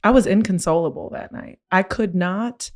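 A young woman hosting a podcast, candidly retelling a personal experience in animated, expressive conversation with lots of "like". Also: medium pitch, normal speed. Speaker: podcast host.

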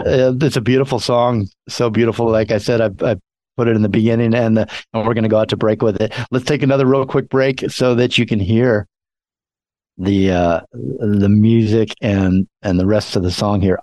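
A man hosting a show, speaking gently and admiringly to his guest and announcing a break. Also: on the low side, steady tone, moderate pace, no echo. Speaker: host.

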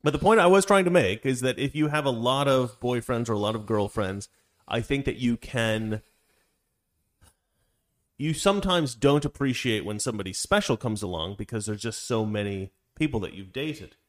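A man's voice: medium pitch, animated, normal speed. A man co-hosting a casual livestream chat, rambling with many fillers and restarts. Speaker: livestream co-host.

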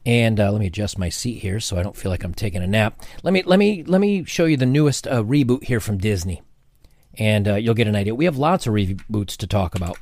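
A man talking straight to his camera in a casual commentary rant, his pitch sitting in an ordinary middle range. He is animated and sarcastic, tossing in jokey asides and restarting his sentences often. The sound is dry and close, with no room around it. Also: dry recording. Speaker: commentary channel host. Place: home setting with changing sunlight.

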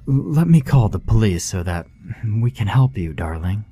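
A man's voice: fairly low pitch, big pitch swings, normal speed, warm tone, slightly rough, no echo, faint music behind, exaggerated voice. A man voicing a kind, lonely middle-aged woman who coos and reassures in a horror story reading. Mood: gentle reassuring. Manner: cooing and reassuring.

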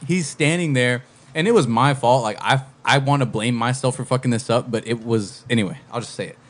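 A man's voice: medium pitch, a little fast. A young man telling a story on a podcast, swearing freely and acting out what people said. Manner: profane, animated storyteller acting out quotes. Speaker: podcast co-host. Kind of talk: casual storytelling. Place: podcast studio.

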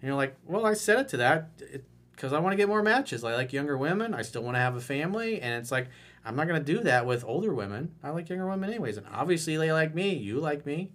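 In this dating-advice video monologue, the man sounds very animated, with a fairly high pitch and fairly bright tone. He keeps things playful, acting out snatches of dialogue in quick asides as he coaches.

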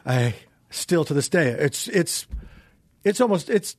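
Animated man, casual podcast co-host. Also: on the high side, a little slow, no echo, clean studio sound. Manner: animated storyteller, does silly voices. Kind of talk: casual chat.

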